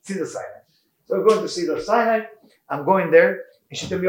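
A man teaching an informal Torah class, telling stories in lively, broken English sprinkled with Hebrew terms. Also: high-pitched, fairly quick. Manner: animated storytelling, non-native English with Hebrew terms. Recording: echoey room.

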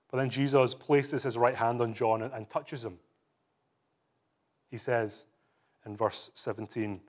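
A man's voice: medium pitch, fairly even intonation, measured pace, long pauses, darkish tone. A man preaching a sermon, talking earnestly and reading scripture aloud with rising emphasis.

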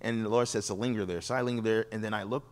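Animated man telling sermon stories. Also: very fast. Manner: animated, acts out quoted people with shifting pitch. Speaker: guest preacher. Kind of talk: sermon storytelling.

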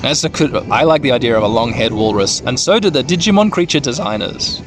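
A man's voice: mid-range voice, expressive, fairly quick, background noise. A man narrating a video game playthrough, reading the dialogue aloud and adding rambling asides. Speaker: let's-play narrator.

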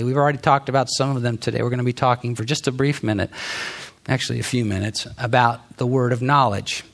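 Middle-aged guy preaching, earnest and chatty, mid-pitched voice. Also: a bit bright. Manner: earnest, conversational preaching with fillers and restarts. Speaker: pastor. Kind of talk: sermon.

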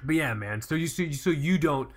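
A man's voice: a little high, animated, fairly quick. A young man co-hosting a podcast in casual chat, rambling with lots of fillers and cursing freely. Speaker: podcast co-host.

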